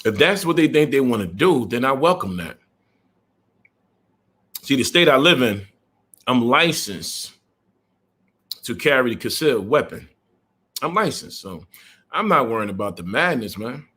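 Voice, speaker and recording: A man's voice: mid-range voice, sing-song, unhurried, long pauses, bright, forceful tone, slightly rough. A middle-aged man hosting a live stream, a truck driver ranting bluntly, repeating himself and greeting viewers. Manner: blunt, repetitive, greets viewers mid-rant.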